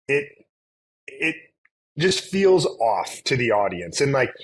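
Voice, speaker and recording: A man's voice: mid-range voice, very animated, slow pace, pauses often, rough recording. A man guesting on a podcast, talking loosely with lots of fillers and restarts. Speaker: guest, influencer marketing agency CEO. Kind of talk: casual conversational interview.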